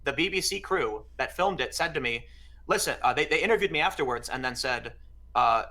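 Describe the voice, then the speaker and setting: A man with a bright, forceful voice rattles through a story at a quick clip, acting out each exchange as he goes. The talk is loose and conversational. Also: medium pitch. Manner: fast, animated anecdote-telling with quoted exchanges. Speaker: podcast guest. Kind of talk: casual storytelling chat.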